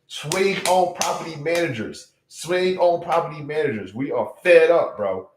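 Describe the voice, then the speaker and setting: A man's voice: a little high, animated, moderate pace, echoey room, noisy background. A young man hosting a livestream, chatting casually, incredulous and exclamatory, often repeating himself. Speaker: livestream host.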